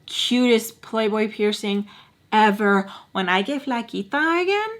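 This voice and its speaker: A woman's voice: on the high side, lively intonation, measured pace. Chatty young woman telling a story. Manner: chatty, heavy on filler words; acts out quoted people in her story. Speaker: storytime vlogger. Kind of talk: casual storytelling.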